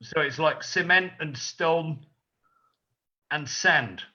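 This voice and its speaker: Bright-voiced joking man on a call. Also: a little high, slow pace, a little hiss or hum. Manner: joking, teasing, talks through steps. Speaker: cooking guide on a live stream. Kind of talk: casual live-stream chat. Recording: lo-fi video call audio.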